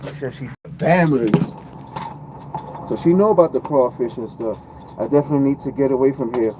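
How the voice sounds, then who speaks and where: A man's voice: mid-range voice, fairly quick, noisy background. A man from New York City with a New York accent, chatting casually on a live stream, joking in slang and repeating his lines.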